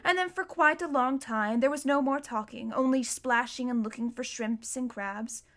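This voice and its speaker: This is storybook narration from a female audiobook reader. She keeps an even, unhurried pace, and her voice sits fairly high.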